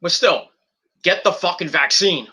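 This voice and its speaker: A man hosts a podcast from home at night, delivering a casual, rambling monologue that's blunt, profane, and full of fillers. His voice is high, bright, and husky, with a forceful tone and a measured pace.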